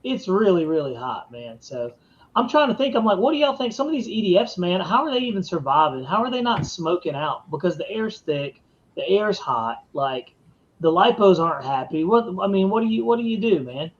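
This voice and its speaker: Male podcast host, high voice, casual and laid-back, dull lo-fi stream sound. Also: very animated. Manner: laid-back, drawn-out "dude" and "man", reads viewer comments aloud. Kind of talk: casual live-stream chat.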